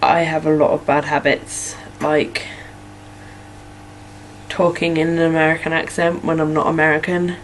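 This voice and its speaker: A woman's voice: deep voice, flat delivery, normal speed, slight background noise, rough recording. A young woman from Norfolk, England, with an English accent, rambling through follower questions and filling gaps with "like" and "um". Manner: chatty, rambling, many "like" and "um" fillers. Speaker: vlogger answering follower questions. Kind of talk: casual chat.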